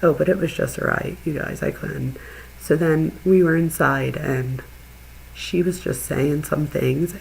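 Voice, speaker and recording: A middle-aged woman and channel host, chatting casually with viewers and telling an animated story, laughing as she goes. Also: low voice, slight background noise, poor audio. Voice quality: gravelly, husky. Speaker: true crime channel host.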